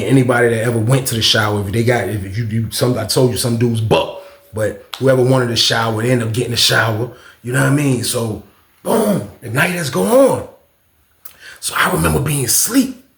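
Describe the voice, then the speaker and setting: Brief: male vlogger, gravelly, loose and profane storyteller, roomy echo. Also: mid-range voice. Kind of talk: casual storytime.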